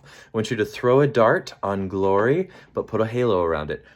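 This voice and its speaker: A man's voice: on the low side, animated, normal speed, hardly any pauses. A man leading a choir rehearsal, counting beats aloud and demonstrating vocal sounds. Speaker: choir director. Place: rehearsal room with piano. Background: loud piano.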